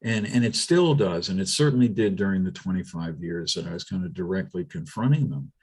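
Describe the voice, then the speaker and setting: A man speaking as a guest on a political talk show, emphatic and animated, often restarting his sentences. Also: low-pitched, a little fast, husky.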